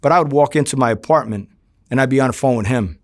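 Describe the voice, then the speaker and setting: A man in a sit-down interview telling his story in a middle-range voice. He swears freely and slips into the voices of the people he is quoting. His telling is animated and conversational. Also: mid-range voice, fast, dry recording, clean studio sound. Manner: profane, animated, acts out quoted dialogue. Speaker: former undercover FBI agent. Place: home in New Jersey.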